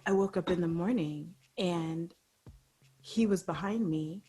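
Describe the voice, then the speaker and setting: A woman's voice: lowish voice, a little slow, warm tone, husky. A woman co-hosting a podcast, talking candidly and earnestly, explaining her point through long repeated examples. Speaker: podcast co-host. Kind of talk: candid casual chat.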